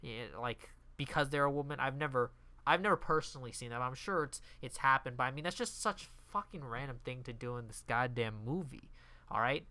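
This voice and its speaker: A man's voice: medium pitch, a little fast, pushed and bright, no echo. A man casually reviewing a movie in a profane, exasperated rant.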